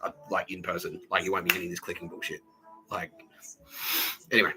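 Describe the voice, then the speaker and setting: A man's voice: low-pitched, completely flat delivery, a little fast, loud music behind the voice. A man hosting a podcast, telling a rambling, profane story and slipping into mocking whispers and put-on voices. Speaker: podcast host. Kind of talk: rambling monologue.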